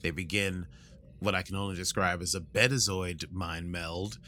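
A man hosting a casual recap chat, rambling through the story and acting out quotes in goofy voices, with a morning voice that is still warming up. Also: low-pitched, fairly even intonation, normal speed, a little hiss or hum. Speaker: podcast host recapping an episode.

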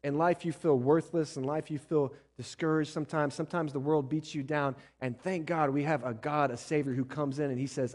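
A man preaches to his congregation with a somewhat raised pitch. He builds to loud, pressing emphasis, then drops to a hushed, close tone. He keeps turning to the room with quick questions. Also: steady tone. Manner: preaching with rising and falling intensity, asks the congregation questions. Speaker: pastor. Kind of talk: sermon.

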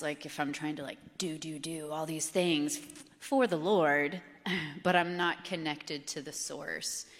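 A woman's voice: low voice, a bit bright, in a large hall. A woman speaking in a church service, sharing a personal reflection in a hesitant, thoughtful way.

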